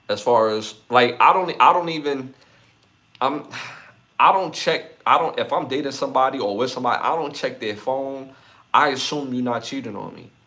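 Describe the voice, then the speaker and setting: A man's voice: medium pitch, a bit bright. A young man from New hosting a live podcast, chatting loosely and laughing a lot as he reads comments. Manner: laughs often, loose slangy banter. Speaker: podcast host. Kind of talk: casual live-stream chat reading comments.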